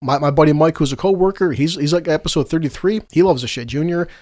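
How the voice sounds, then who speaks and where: Male podcast host, fast and profane, fired-up chat delivery, dry recording. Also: fairly high pitch, a little mellow, no echo. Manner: profane, heated ranting.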